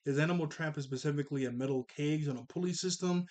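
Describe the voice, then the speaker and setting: A man's voice: on the high side, quick pace, a little mellow. A man hosting a casual cartoon episode review, rambling along with chuckles and self-corrections.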